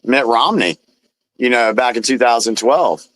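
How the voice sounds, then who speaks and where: A man's voice: mid-range voice, unhurried, fairly bright tone. A man hosting a casual political talk stream who reads out news headlines and adds offhand remarks. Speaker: host.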